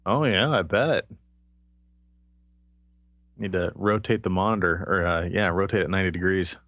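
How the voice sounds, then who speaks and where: Male co-host, low voice, relaxed and chuckling, muffled lo-fi sound. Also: moderate pace, dry recording. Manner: easygoing, laughs often. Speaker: podcast co-host. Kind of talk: casual chat. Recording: dull lo-fi sound.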